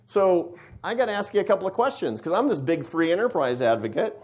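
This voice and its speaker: A man's voice: on the high side, sing-song, brisk, few pauses, a little mellow. A middle-aged man giving a university lecture, telling a story with lots of rhetorical questions to the audience.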